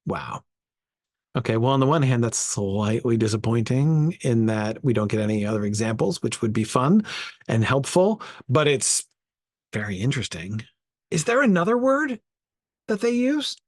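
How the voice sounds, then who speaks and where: A man's voice: medium pitch, sing-song, normal speed, dry recording, studio quality. A man leading an informal Bible study, thinking aloud and sounding out Greek words as he goes.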